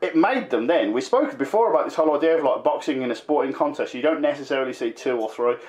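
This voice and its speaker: A man's voice: mid-range voice, animated, fast, darkish tone. A man, chatting casually about wrestling as a podcast co-host, rambling and emphatic. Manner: rambling, emphatic, full of fillers. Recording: roomy echo.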